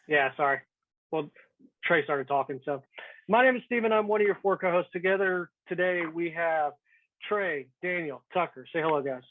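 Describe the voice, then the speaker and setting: Higher-voiced joking podcast host, man. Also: normal speed, no room sound, phone-quality sound. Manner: joking, laughs often. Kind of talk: casual podcast chat.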